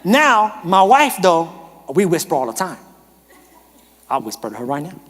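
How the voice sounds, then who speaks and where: A man preaching a sermon as a pastor, telling funny stories with lively energy that swings from loud exclamations to soft whispers. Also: high-pitched, normal speed. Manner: animated, humorous storytelling, shifts from shouting to whispering. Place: church auditorium. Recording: reverberant church hall.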